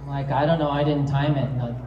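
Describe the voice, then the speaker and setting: A man's voice: mid-range voice, steady tone, fast talker. A man giving a live keynote talk to an audience, casual and storytelling, with many fillers. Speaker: keynote speaker. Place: event hall. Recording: roomy, distant, dull sound.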